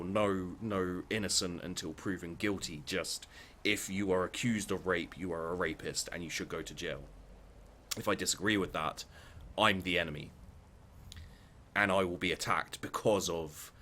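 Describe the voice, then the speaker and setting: A deep-voiced man rants into his own vlog with a faint hiss in the background. He is blunt and sweary and circles back over his own phrases as he argues his point. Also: fairly bright tone. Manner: blunt, sweary, repetitive restarts. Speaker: vlogger. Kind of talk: heated opinion rant.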